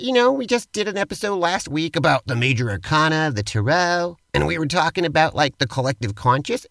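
A man's voice: high-pitched, gravelly, fairly bright tone, no echo. A man co-hosting a comedy podcast, narrating an improvised role-play in a playful, theatrical way.

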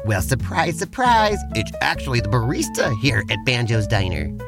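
A man's voice: mid-range voice, big pitch swings, moderate pace, vocal fry, loud music behind the voice. A man co-hosting a comedy podcast, narrating an improvised role-play in a playful, theatrical way.

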